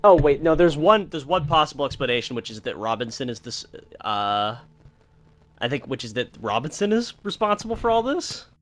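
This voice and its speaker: A man's voice: on the high side, big pitch swings, brisk, a bit bright. A man co-hosting a game playthrough, explaining the options in casual chat with fillers. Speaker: let's play co-host. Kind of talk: casual let's play discussion.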